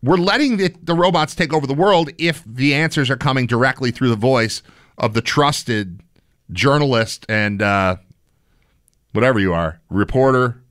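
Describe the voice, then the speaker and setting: A man co-hosting a sports talk show, arguing his point in a jokey, animated way. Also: medium pitch, moderate pace, no echo, studio quality. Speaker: podcast co-host.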